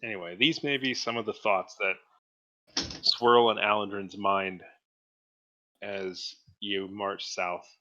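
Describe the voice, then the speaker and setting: A low-voiced man narrating as game master, relaxed and hesitant, with a forceful, bright tone. The sound comes through a slightly dull lo-fi mic. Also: slow, pauses often.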